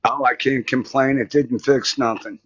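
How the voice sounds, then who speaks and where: A man calling into a live stream, speaking loudly in a drawn-out way. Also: medium pitch, steady tone, dull audio. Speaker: caller. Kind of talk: casual call-in chat.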